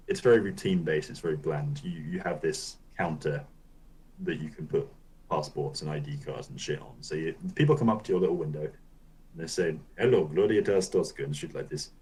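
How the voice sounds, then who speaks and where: A man's voice: low-pitched, a little mellow, poor audio. A man co-hosting a gaming podcast, rambling loosely through a casual chat and swearing now and then. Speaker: podcast co-host.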